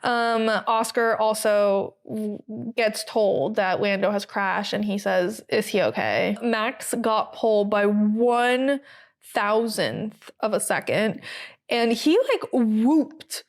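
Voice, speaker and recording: A woman's voice: mid-range voice, slow pace. An American woman hosting a podcast, recapping in a chatty, casual way with many fillers and wry asides. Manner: chatty, lots of ums and likes, wry asides. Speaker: podcast host. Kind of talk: casual solo recap chat.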